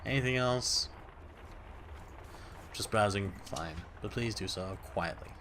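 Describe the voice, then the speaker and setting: A man's voice: on the low side, slow pace, pushed and bright, heavily acted. A man voicing a nervous, fussy librarian who stammers and speaks primly. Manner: stammering, prim and flustered.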